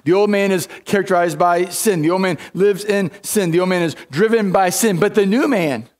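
A man's voice: high-pitched, moderate pace. A man preaching a sermon in a church, emphatic, often repeating words and restarting. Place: church sanctuary.

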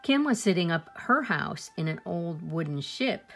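A woman reading a children's picture book aloud at an unhurried pace, with small asides to her listeners. Her voice sits low with a gravelly fry, and her pitch moves a lot as she tells the story. Faint music plays underneath. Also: expressive.

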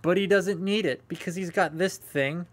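A man's voice: sits high, moderate pace. A young man chatting casually as he unboxes toys on a live stream, rambling and talking to viewers. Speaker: toy collector streaming a haul unboxing.

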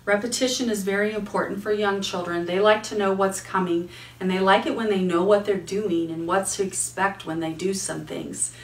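A woman's voice: mid-range voice, fairly even intonation, normal speed, poor audio. A woman librarian leading a toddler storytime outdoors, coaxing the children along in a sing-song voice and imitating animal sounds.

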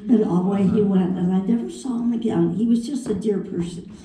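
A woman's voice: medium pitch, a little fast, mellow. An older woman, a convention panel guest, telling fond, chatty anecdotes of her past. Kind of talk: storytelling anecdotes. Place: large convention hall. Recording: echoey hall from far off.

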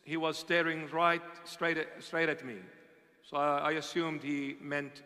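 A man delivers a sermon as a bishop, his voice high and bright. He tells his story with intensity, circling back to repeat key phrases. The sound carries a long reverb from a large church. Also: level tone, a little slow.

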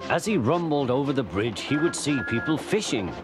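A man from England with a Liverpool accent narrating a children's storybook in a lively manner, on old tape audio. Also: medium pitch, normal speed, loud music behind the voice.

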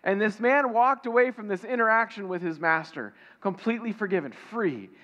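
High-voiced pastor preaching. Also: male voice, expressive, normal speed, sharp tone, muffled recording. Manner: conversational, asks the congregation questions, acts out little dialogues. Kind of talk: sermon.

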